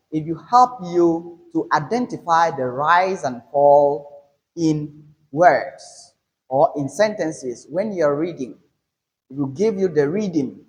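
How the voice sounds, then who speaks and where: Slow, deliberate male English teacher. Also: a little high, rough recording. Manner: slow, deliberate, emphatic explaining. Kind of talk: classroom lesson explaining.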